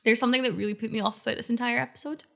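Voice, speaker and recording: A woman in her thirties co-hosting a podcast in casual, animated chat, often laughing. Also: on the high side, very fast, gravelly. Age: 30s. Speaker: podcast co-host.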